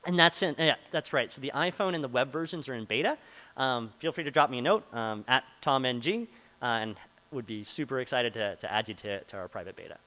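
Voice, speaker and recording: A man's voice: mid-range voice, expressive, fairly quick, sharp tone, low-quality recording. Casual man answering audience questions. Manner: casual, filler-heavy, many likes and ums. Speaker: product manager presenting. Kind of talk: meetup Q&A talk. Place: meeting room before a live audience.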